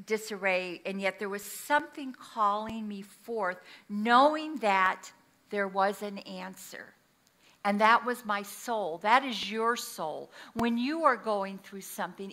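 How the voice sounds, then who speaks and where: Middle-aged woman minister, bright clear tone, conversational sermon full of self-deprecating personal stories. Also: medium pitch. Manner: conversational and self-deprecating, acts out her own past lines.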